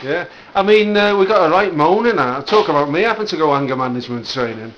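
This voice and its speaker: A man from an amateur football club doing jokey, mock-serious post-match interviews in a deadpan manner. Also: a little high, fast, lo-fi sound, background noise.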